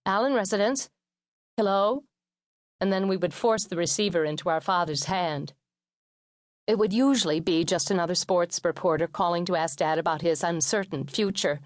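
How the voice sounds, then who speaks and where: A woman narrating a memoir audiobook in a steady, measured reading voice, acting out quoted lines lightly. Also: lowish voice, no room sound.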